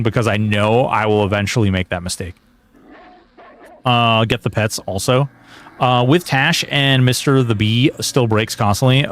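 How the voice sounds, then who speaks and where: A man talking over a game he is playing, rambling from one thought to the next with plenty of jokes. He has a mid-pitched voice and sometimes breaks into mock outrage. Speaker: game streamer. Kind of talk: casual gameplay commentary.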